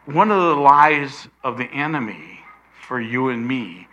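Slow, emphatic older male preacher. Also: medium pitch, pushed and bright. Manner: emphatic, slows down to stress key words. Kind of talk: sermon.

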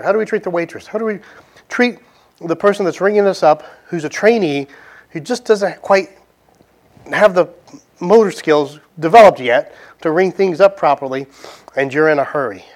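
Chatty southern preacher man. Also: a little high. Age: adult, past his teens. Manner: conversational, asks many rhetorical questions. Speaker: pastor. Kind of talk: sermon with closing prayer.

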